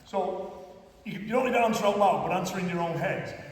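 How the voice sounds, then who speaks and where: A man's voice: sits high, a little fast. A man with a Cumbrian accent teaching a karate class, talking in a chatty way and often checking in with his students. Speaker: karate instructor. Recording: echoey hall from far off.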